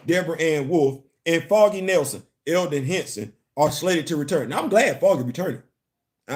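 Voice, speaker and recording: A man hosting a casual live commentary stream on comics, repeating words and stopping to greet viewers. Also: on the high side. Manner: animated, repeats words, laughs and chats with viewers. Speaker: commentary channel host.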